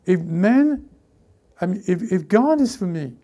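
A male pastor preaching a sermon in an animated way, acting out quoted voices and often restarting his sentences. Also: high-pitched, unhurried.

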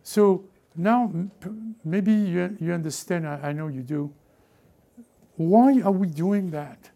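Gravelly, dark-voiced fervent preacher man. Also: high voice, takes it slowly. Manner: fervent, with sudden swings between loud urging and hushed asides; repetitive, call-and-response preaching. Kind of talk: sermon.

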